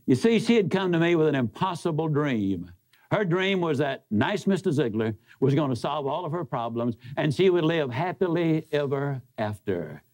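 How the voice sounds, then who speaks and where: High-voiced, emphatic motivational speaker man. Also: very animated, normal speed, darkish tone. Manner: folksy, emphatic, big swings in pitch. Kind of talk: motivational speech, storytelling.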